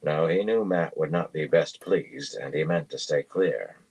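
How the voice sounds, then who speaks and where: A man reading a fantasy novel aloud in a steady, measured way. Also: a bass voice, creaky, breathy edge, low-quality recording. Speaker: audiobook reader.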